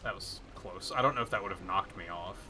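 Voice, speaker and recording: A man's voice: sits low, fast, noisy background. A man streaming a video game live, rambling casually and thinking aloud as he plays. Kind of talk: casual live gameplay commentary.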